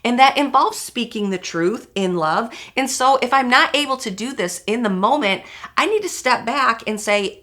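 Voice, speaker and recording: Bright-voiced middle-aged woman co-host. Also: on the high side, animated, moderate pace. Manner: reflective, uses fillers like "you know". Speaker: podcast co-host. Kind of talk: casual chat.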